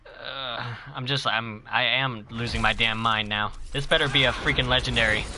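A man streaming a video game live, chatting casually and excitedly with his viewers and cheering himself on. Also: medium pitch, moderate pace. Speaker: gaming streamer.

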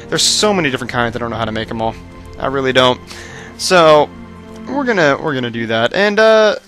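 Over a video game, a young man gives loose, rambling commentary in a medium-pitched voice that sounds strained and tired. Every so often he erupts into excited shouts.

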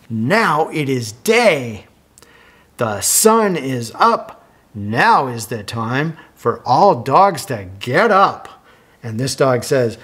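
Older guy reading a kids book aloud, really slow, husky, voice bouncing up and down. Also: on the high side. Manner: slow, lively, asks young listeners questions. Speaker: children's book reader.

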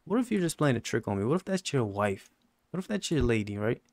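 A man hosting a gaming channel, giving casual commentary on a horror game and yelping high when he gets scared. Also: very animated, fast talker, darkish tone, no room sound, studio quality. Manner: talks to game characters jokingly.

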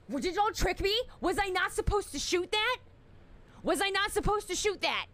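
A woman's voice: very high voice, expressive, normal speed, noisy background. A woman streamer, giving jumpy live commentary on a horror game, shrieking in fright and chatting with her viewers.

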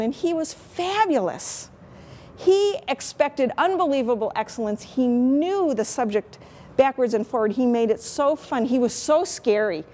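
A woman's voice: a little high, darkish tone. A woman in her fifties with a Chicago accent, a microbiology professor giving a candid, chatty talk on teaching. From Chicago, USA. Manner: candid, chatty, self-deprecating.

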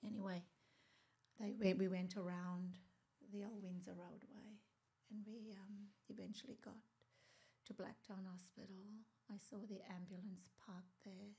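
A woman's voice: mid-range voice, little pitch movement, unhurried, mellow, breathy edge. An Australian woman, a podcast guest, telling a painful personal story and often sinking to a near whisper at the hardest moments.

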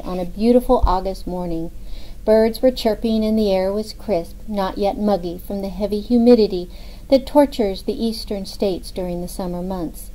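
A woman narrating a novel in a steady, even storytelling manner. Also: mid-range voice, poor audio. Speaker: audiobook narrator. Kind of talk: scripted narration.

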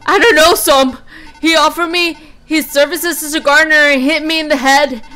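A woman voicing a kidnapped middle-aged father, weary and frightened, reading his lines softly and plainly. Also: very high-pitched, normal speed, soft background music.

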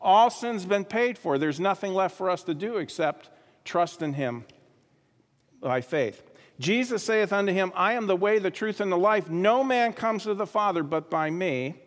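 Brief: male pastor, high-pitched, emphatic sermon delivery, long hall reverb. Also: lively intonation, moderate pace. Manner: emphatic, repeats key phrases, drops to quiet asides. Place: church sanctuary.

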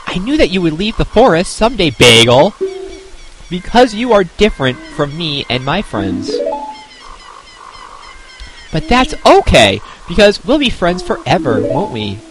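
Gentle young forest girl, read by a man, soft plain reading, somewhat high voice. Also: sing-song, measured pace, pauses often, crowd noise. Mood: tender.

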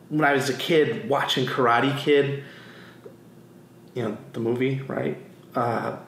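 Male pastor, mid-pitched, animated storytelling, roomy church sound with faint background hum. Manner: animated storytelling, acts out quotes. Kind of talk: sermon. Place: church sanctuary.

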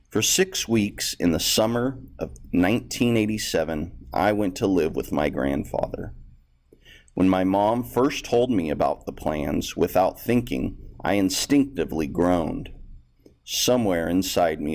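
A male teacher with a low, slightly mellow voice reads a textbook story aloud to students, explaining vocabulary in a plain, explanatory way.

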